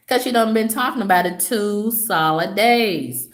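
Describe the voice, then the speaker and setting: At a measured pace and medium pitch, a woman spins a gossipy, sassy tale for her vlog audience, swooping her voice up whenever she wants emphasis. It's casual storytelling to viewers, captured with a roomy sound.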